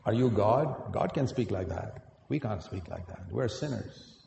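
A man preaching a sermon with earnest storytelling, climbing to emphatic peaks and then dropping quiet. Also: lowish voice, lively intonation, a little slow, vocal fry, a little hiss or hum. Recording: echoey hall, picked up from a distance.

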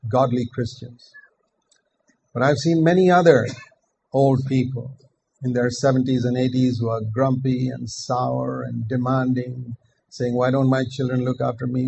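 An older man preaching a sermon in an earnest, measured way, repeating his key phrases for emphasis. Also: medium pitch, vocal fry, mellow, slight background noise, rough recording.

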